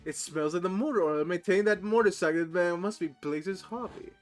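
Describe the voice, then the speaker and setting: A man's voice: high-pitched, faint music behind, lightly acted. A man voicing Edgeworth, a stern cool prosecutor. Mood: thoughtful. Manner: measured, stern and formal. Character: cool, composed male prosecutor, adult. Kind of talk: reading game dialogue aloud.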